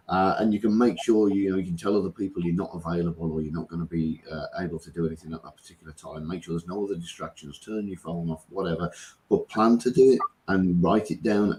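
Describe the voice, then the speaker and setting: A man's voice: low voice, a little mellow, slight background noise, poor audio. A man hosting a casual panel chat, speaking in a rambling, encouraging way with frequent restarts. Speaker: podcast host.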